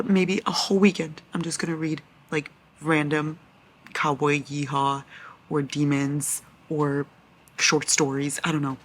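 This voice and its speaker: A woman's voice: sits low, slight background noise. A young woman chats at home in a casual reading vlog, her voice raw and upset from crying. She rants with big emotion, swearing freely, swinging between exasperation and disbelief. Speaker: book vlogger.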